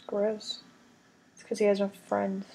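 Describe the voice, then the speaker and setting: A woman's voice: medium pitch, monotone, unhurried, vocal fry, dark tone. A woman casually commenting on a game with sarcastic, joking asides. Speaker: let's play commentator.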